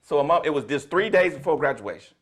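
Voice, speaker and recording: Animated man telling a story with laughs. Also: on the high side, fast. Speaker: comedian guest. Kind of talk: storytelling chat.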